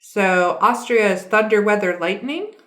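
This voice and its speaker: A woman's voice: medium pitch, measured pace, fairly bright tone. Woman podcast cohost, chatty, reading bits off a web page, echoey room. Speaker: podcast co-host. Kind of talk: casual chat. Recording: roomy echo.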